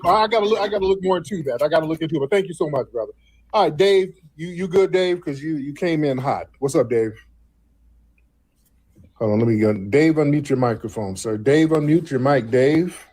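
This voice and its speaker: A man's voice: a little high, fairly quick, a little mellow, husky. A man hosting a live call-in show, repeating prompts to callers and mocking an angry one. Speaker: host.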